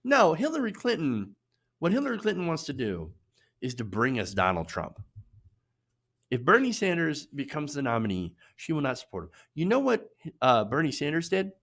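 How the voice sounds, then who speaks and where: A man's voice: medium pitch, a bit bright. A man hosting an opinion commentary show, talking in an emphatic, sarcastic way and repeating lines for effect. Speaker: political commentary host.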